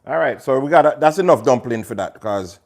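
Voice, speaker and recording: A male chef chats loosely through a cooking livestream from his kitchen, calling out viewers by name as he works. His talk is casual and rambling, with plenty of "you know" and "right?" thrown in, at an ordinary mid-range pitch for a man. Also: animated, a little fast. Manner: chatty, talks to viewers by name, pushes his cookbook. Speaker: chef and host.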